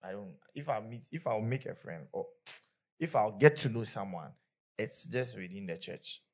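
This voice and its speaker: Man, pastor, husky voice, animated pitch, conversational preaching. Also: normal speed. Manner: conversational preaching, acting out quoted people. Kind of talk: sermon.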